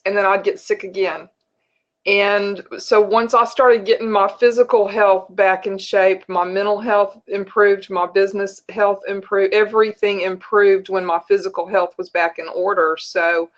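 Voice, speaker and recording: A woman's voice: mid-range voice, a bit bright. A woman from northern Texas with a Texan accent, a guest in a casual video-call chat, easygoing and chatty. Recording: dull lo-fi call audio.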